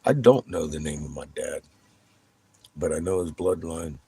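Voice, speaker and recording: A man telling a rambling story in a casual, profane monologue, laughing between bursts of excitement. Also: extremely low pitch, normal speed, creaky, husky. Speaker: vlogger.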